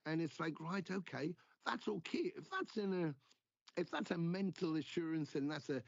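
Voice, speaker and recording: A middle-aged man from England, a guest musician in a casual interview, telling stories with lively acted-out quotes and plenty of swearing. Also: fairly high pitch, moderate pace, vocal fry, no echo. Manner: animated storyteller, acting out quoted exchanges, swears freely. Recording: dull lo-fi sound.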